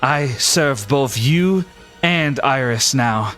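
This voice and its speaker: A man's voice: mid-range voice, animated, slow pace, fairly bright tone, soft background music. A man voicing a loyal woman warrior who speaks formally and solemnly.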